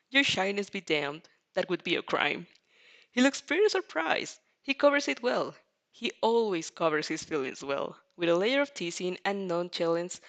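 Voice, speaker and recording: A woman's voice: lowish voice, a bit bright. Giggly young woman reading fanfic aloud. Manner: giggly, laughs often, stumbles over words. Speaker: fanfic reader.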